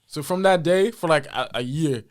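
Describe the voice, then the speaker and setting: A young man, a podcast guest telling a story in a lively, casual way with lots of fillers. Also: on the high side, moderate pace. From Australia. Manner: animated, full of fillers and acted-out quotes. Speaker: podcast guest, basketball player.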